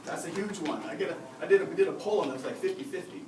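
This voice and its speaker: A man giving a live seminar on behavior, lively and often asking the audience questions. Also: a little high, racing. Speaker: behavior and communication expert giving a talk. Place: lecture room at a faculty club. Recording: roomy, distant mic with audible noise.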